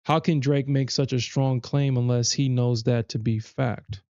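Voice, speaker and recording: A man's voice: mid-range voice, fairly even intonation, a little slow, warm tone, dry recording, highs cut off. A man hosting a trading livestream, chatting casually in a rambling way with many restarts and self-corrections. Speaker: livestream trader host.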